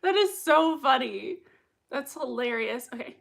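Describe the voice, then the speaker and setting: A young woman hosts a live watch stream in a bubbly, giggly way. Her voice sits high and sounds bright and crisp. She keeps up easy chatter with her viewers the whole time. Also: lively intonation, a little slow. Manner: bubbly and giggly, reading chat comments aloud. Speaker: livestream host reacting to a TV episode. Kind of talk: casual livestream chat. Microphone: desk mic with earbuds.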